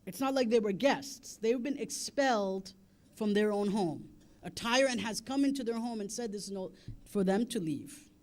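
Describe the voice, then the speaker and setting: A man's voice: high-pitched, moderate pace, darkish tone. A man preaching a Muharram sermon and elegy, impassioned and building to a wailing lament, with chanted Arabic recitation.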